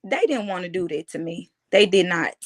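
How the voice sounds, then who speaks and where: A woman, giving a halting, emotional personal account in an interview, often restarting her phrases. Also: fairly low pitch, lively intonation. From United States. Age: 30s.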